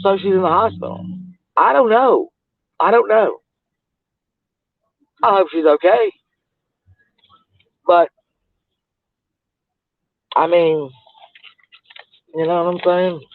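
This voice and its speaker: A man's voice: sits high, slow pace, creaky, pauses often, dry recording. A man chatting in a rambling, casual way on a livestream, laughing often and trailing off mid-thought. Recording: tinny phone-like dry audio.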